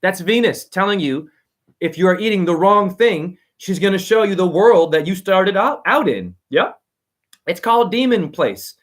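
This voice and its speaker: A man's voice: high-pitched, expressive, normal speed. A man giving a rambling, profane, preachy livestream monologue while reading out viewer comments.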